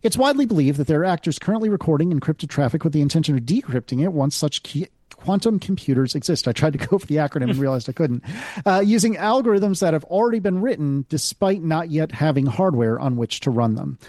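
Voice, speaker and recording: A man's voice: a little high, lively intonation, fast talker, warm tone, dry recording, studio quality. A man co-hosting a tech podcast who reads listener emails aloud, sometimes stumbles and restarts, and laughs at himself. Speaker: podcast co-host reading listener mail. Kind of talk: casual tech chat.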